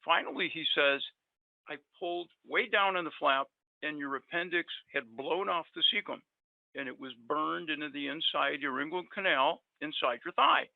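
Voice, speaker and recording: A middle-aged man appearing as a guest dentist tells long, rambling personal stories in casual chat, using many fillers. His fairly high, animated, gravelly voice moves at normal speed over a dry, tinny, phone-like line with no room sound.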